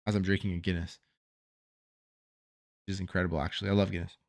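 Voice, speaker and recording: Low-voiced Canadian man chatting on stream. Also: flat delivery, fast talker, creaky, no echo. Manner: rambling, thinks aloud, chats with viewers. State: tired after a long workday. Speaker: gaming channel host. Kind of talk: casual livestream chat.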